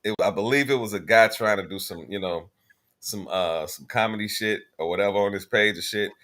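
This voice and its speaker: A man's voice: lowish voice, brisk, fairly bright tone. Blunt, profane male talk show host. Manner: blunt, profane, laid-back. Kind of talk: casual call-in show chat.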